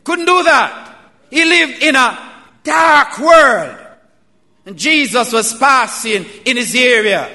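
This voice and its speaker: A man preaching a sermon, slow and emphatic, building to loud calls. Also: extremely high pitch, animated. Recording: reverberant hall.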